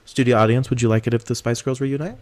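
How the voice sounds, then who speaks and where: A man's voice: mid-range voice, fairly even intonation, quick pace, very noisy. A man co-hosting a pop-culture podcast, chatting casually with playful, campy banter. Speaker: podcast co-host. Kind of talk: casual chat.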